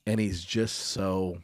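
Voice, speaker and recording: Very deep-voiced man chatting. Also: no echo, clean studio sound. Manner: agreeable, many yeahs and rights. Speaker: podcast co-host. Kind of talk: casual chat.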